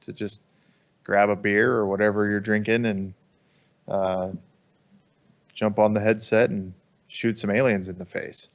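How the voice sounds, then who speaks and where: A man's voice: on the low side, level tone, creaky, dull audio. A man co-hosting a gaming podcast, chatting casually with a dry, wry humor and a habit of ranting. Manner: dry, wry, quick to rant. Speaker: podcast co-host.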